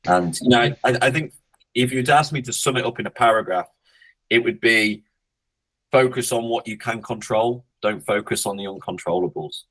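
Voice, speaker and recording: A man's voice: mid-range voice, normal speed, a bit bright, rough recording. A man coaching a rugby club, talking through his team in a casual podcast interview with lots of restarts and blunt humour. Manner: reflective, hesitant restarts, blunt swearing when joking.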